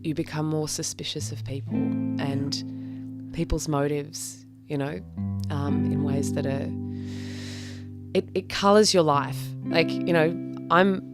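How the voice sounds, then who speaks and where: A woman's voice: low voice, steady tone, slow pace, over loud music. A woman, a podcast guest, telling a personal story frankly and reflectively, with plenty of fillers.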